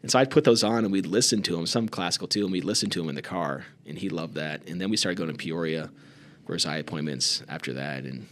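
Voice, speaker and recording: A man co-hosting a podcast, telling stories in casual conversation and acting out quoted voices by raising his pitch. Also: fast. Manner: relaxed, acts out quoted voices with raised pitch. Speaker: podcast co-host.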